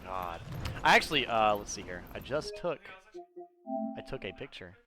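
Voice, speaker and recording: A man's voice: lowish voice, animated, over music. A young man casually commenting on a game as he plays, rambling, swearing freely and laughing often. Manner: profane, rambling, quick to laugh. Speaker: gamer playing through a game.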